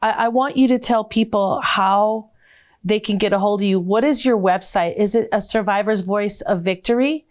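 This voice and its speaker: A woman hosting a faith-based talk show, gushing with praise and warmth toward her guest. Her voice sits at a middle pitch and jumps up with exclamations. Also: moderate pace. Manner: effusive, affectionate, exclamatory.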